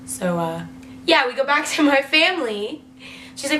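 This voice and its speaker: A young woman tells a story to camera in a chatty vlog style, peppering her sentences with "like" and casual swearing. Her voice is bright and sits a little high. The room echoes noticeably, with a faint hum underneath. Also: animated, normal speed. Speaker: vlogger. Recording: roomy echo with faint hum.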